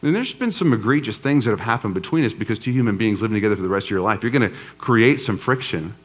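A man preaching a sermon to a live congregation in a relaxed, storytelling way with touches of humor. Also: fairly low pitch, quick pace. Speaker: pastor. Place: church before a live congregation.

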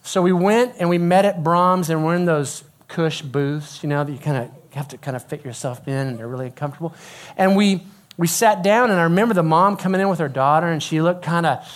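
Middle-aged male preacher, lively storytelling, goes quiet for quoted dialogue, sermon to students. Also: a little high, a little fast. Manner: animated storyteller, drops to a hushed voice for quoted dialogue. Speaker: youth pastor.

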